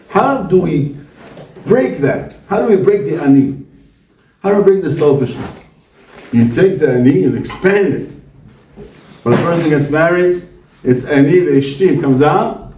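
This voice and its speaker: Animated rabbi teaching in an echoey room. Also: male voice, a little high, far from the mic. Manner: animated, asks and answers his own questions. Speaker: visiting rabbi. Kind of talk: Torah talk to students. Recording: echoey room, speaker away from mic.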